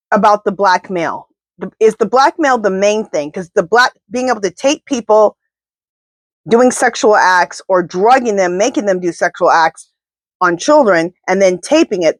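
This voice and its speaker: A woman's voice: medium pitch, dry recording. A woman doing a casual tarot reading to camera, talking to her spirit guides and speaking bluntly and indignantly. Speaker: tarot reader.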